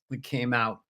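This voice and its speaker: A man in his seventies, a comedian guest, chatting in a halting way with many restarts and frequent laughs. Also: mid-range voice, pushed and bright. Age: 70s. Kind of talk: casual interview chat.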